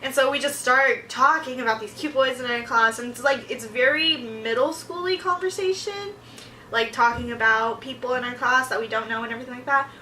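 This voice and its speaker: A bright, forceful young woman chatters through a rambling vlog, her voice sitting a little high. She tells her stories excitably and acts out her own reactions. She sits back from the mic in a roomy, echoing space. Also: fairly quick, a little hiss or hum. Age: young adult. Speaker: vlogger. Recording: echoey room, mic at a distance.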